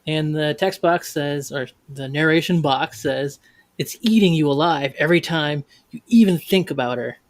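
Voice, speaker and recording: Man, podcast co-host, fairly high voice, halting, describing panels. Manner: halting, many fillers. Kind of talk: casual chat, describing comic panels.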